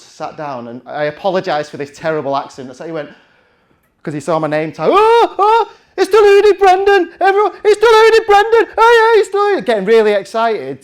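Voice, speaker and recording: A man, telling a chatty, self-mocking story from the stage with plenty of restarts. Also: a little high. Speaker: conference speaker.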